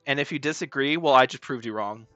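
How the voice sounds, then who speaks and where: A gaming streamer gives casual live commentary in a bright, tense, medium-pitched voice, talking quickly, joking, rambling, cursing and erupting into loud excited yells. The audio is dry, close and a bit dull with no room sound, and faint music plays beneath.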